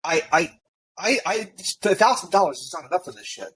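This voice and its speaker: A man's voice: high voice, animated, brisk, fairly bright tone. A man voicing a frightened young woman on a work crew, stammering and rattled. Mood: shaken.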